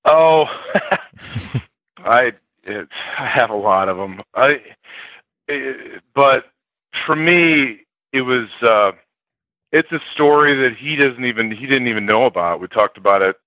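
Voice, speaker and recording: A man's voice: medium pitch, slow, dry recording, dull audio. An older man, a former player, telling stories in an interview and acting out the quotes with a laugh. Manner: animated storyteller, acts out quotes loudly, laughs often. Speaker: former college football player, guest. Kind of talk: interview storytelling.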